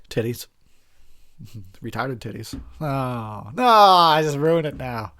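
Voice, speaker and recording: A drunk and high man giving a crude, rambling, giggly commentary over a movie he is watching. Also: a bit bright.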